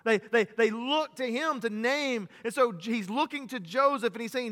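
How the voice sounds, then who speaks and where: A man with a high, bright, ringing voice preaches a sermon in a church, with a long reverb trailing after his words. He repeats words as he builds up, calls his listeners "beloved," and swings between hushed, low stretches and loud, raised preaching. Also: moderate pace, few pauses. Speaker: pastor. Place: church sanctuary during a morning service.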